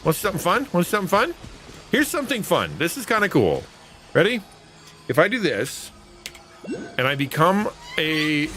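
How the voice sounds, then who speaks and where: A man's slightly high voice sounds pushed and bright as he hosts a video game stream. Over game music he offers casual live commentary, talking playfully with chat and teasing himself as he plays.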